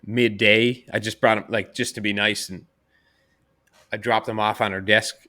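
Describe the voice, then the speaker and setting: A man's voice: on the low side, little pitch movement, normal speed, pushed and bright. A man telling crude, joking stories in a casual podcast chat among friends. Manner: crude, joking, laughs at his own stories. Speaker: podcast co-host.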